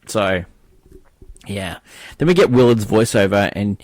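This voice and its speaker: Low-voiced man recapping a film casually. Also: animated, measured pace, long pauses, a little mellow, dry recording. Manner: rambling, hesitant, full of fillers. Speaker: film review podcast co-host.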